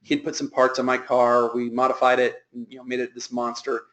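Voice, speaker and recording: A man's voice: medium pitch, little pitch movement, fairly quick, fairly bright tone. A man working as a sales trainer, telling an earnest, emphatic motivational story.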